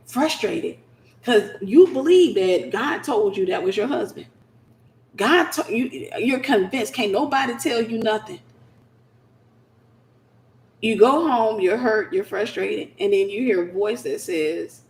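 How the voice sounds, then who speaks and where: A woman teaching in a conversational, animated preaching style, acting out scenes as she goes. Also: a little high, a little slow, slight background noise. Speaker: Christian teacher. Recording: roomy echo.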